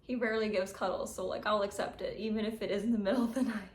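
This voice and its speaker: Talking fast in an even, medium-pitched voice, a cat-owner vlogger chats to camera indoors at home, gushing, giggling, and using "like" constantly. The echoey room adds a little hiss or hum.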